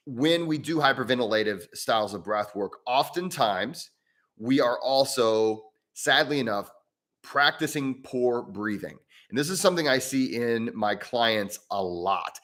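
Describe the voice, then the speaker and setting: A man hosting a live stream on breathwork, answering viewer mail in a casual, rambling way with many restarts and easy laughs. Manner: rambling and chatty, with frequent restarts and self-corrections; animated, with pitch jumping up and down.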